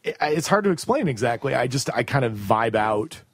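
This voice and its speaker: A man's voice: mid-range voice, very animated, fairly quick, slightly rough, no room sound. Male podcast host, casual and rambling, lots of ums, dry close sound. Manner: rambling, hesitant, many fillers. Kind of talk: casual chat.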